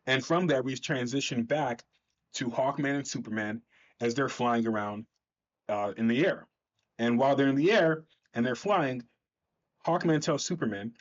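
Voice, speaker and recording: A man's voice: medium pitch, moderate pace. A man chatting enthusiastically as he recaps a comic book, correcting himself as he goes, on a slightly dull recording.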